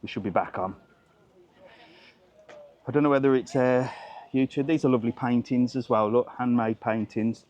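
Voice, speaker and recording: A man's voice: mid-range voice, fairly even intonation, moderate pace, pauses often, darkish tone, lo-fi sound. A middle-aged man, vlogging as he walks through an outdoor market, chatty and ranting, laughing often. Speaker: travel vlogger. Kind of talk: casual walking vlog chat. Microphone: clip-on mic, later removed.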